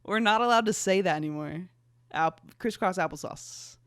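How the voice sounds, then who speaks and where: A woman's voice: fairly low pitch, normal speed, no room sound, clean studio sound. A young woman hosting a podcast, reading her own fanfiction aloud with sarcastic commentary, swearing often and laughing at herself. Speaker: podcast host.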